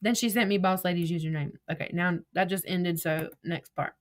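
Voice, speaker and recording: A woman's voice: fairly low pitch, steady tone, brisk. A woman casually retelling a text conversation, reading each message aloud as "I said, she said" and swearing freely. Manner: swears freely, blunt and exasperated. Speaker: vlogger retelling online drama.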